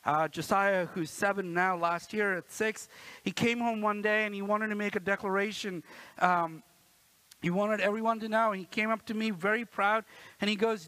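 A man in his thirties delivers a sermon with a bright, ringing tone and a fairly high voice. He keeps it conversational and playful, checking in with the congregation as he goes. The sound is close and dry. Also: steady tone, normal speed, dry recording, poor audio. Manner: playful, acts out quotes with a raised voice. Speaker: pastor. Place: church.

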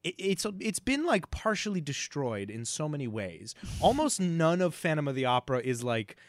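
A man's voice: fairly high pitch, big pitch swings, normal speed, no room sound. A man co-hosting a podcast, rambling and joking casually, swearing now and then. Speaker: podcast co-host.

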